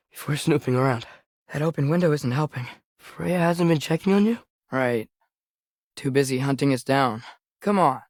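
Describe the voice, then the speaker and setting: A young actor playing an earnest, curious teenage boy in a video game, quietly talking to himself. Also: on the high side, no echo, studio quality. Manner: quiet, musing self-talk. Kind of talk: game voice lines.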